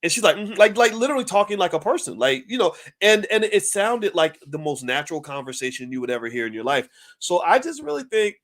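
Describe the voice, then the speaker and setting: A middle-aged man giving casual commentary straight to camera, animated and often repeating words as he works through a thought. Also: high voice, quick pace, hardly any pauses. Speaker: finance commentator.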